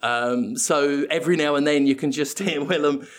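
A man's voice: a little high, moderate pace. A man hosting a comedy podcast, rambling playfully through an absurd improvised story and laughing at his own jokes. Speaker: podcast host.

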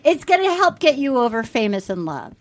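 A woman hosting a podcast in casual chat, excitable and laughing often. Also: high-pitched, brisk, slight background noise. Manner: giggly, excitable, lots of laughter. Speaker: podcast host.

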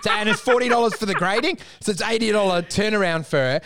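A middle-aged man spins a rambling story in casual banter, his voice sitting high. He swears freely and lurches into the voices of the people he quotes. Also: quick pace, vocal fry, fairly bright tone. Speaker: podcast co-host.

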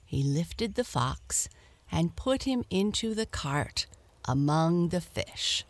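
A woman reading a children's story aloud in an expressive, animated way. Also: lowish voice, slow, dry recording.

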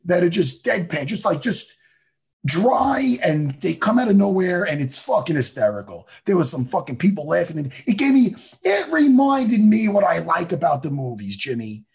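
A man talks in a gravelly, husky voice that swings up and down with lively pitch. He chats casually and animatedly, swearing freely and breaking into impressions. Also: normal speed. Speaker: podcast co-host. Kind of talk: casual chat.

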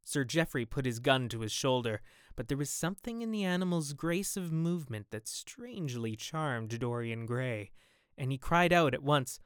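A man's voice: medium pitch, expressive, normal speed, clean tone, dry recording. Man, audiobook narrator, clean resonant voice, dry studio sound, voices each character. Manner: acts out each character with raised, loud dialogue. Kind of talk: scripted narration.

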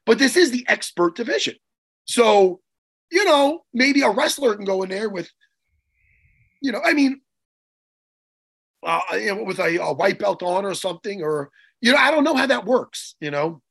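A man co-hosting a chat show, telling a story in an excitable, profane way with lots of restarts. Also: high voice, moderate pace, gravelly, pauses often, husky. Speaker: podcast co-host and martial arts coach. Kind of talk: casual chat, animated storytelling.

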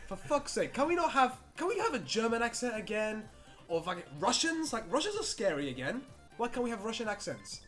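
A man co-hosting a podcast, ranting about movies in an animated, profane way. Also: very high-pitched, a little fast, soft background music. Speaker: podcast co-host. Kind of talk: casual movie review chat.

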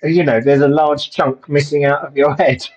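A man's voice: fairly high pitch, flat delivery, normal speed, darkish tone, rough recording. A man co-hosting a casual podcast chat, laughing easily and teasing, recorded on a phone from a hot bedroom. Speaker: podcast co-host. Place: hot bedroom abroad with fan on. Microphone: phone over internet call.

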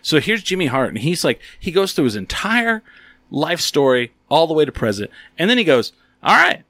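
Animated man telling a story. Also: on the high side, moderate pace, no echo. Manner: animated storyteller, swearing, acting out quotes. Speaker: podcast co-host. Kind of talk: casual storytelling chat.

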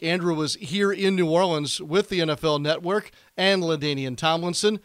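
Casting: male radio host, fairly high voice, friendly and easygoing, dry close sound. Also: a bit bright, no echo. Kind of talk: conversational interview hosting.

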